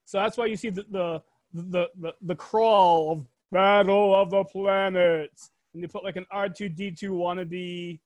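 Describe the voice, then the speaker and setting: A man's voice: sits high, steady tone, unhurried, dry recording. A man in his fifties chatting casually as a podcast guest, chiming in with short remarks. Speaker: guest, host's father or uncle.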